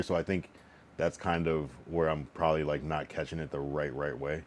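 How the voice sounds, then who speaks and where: A man's voice: rumbling low, flat delivery, moderate pace. A male streamer in casual chat, repeating a phrase again and again as he practices saying it.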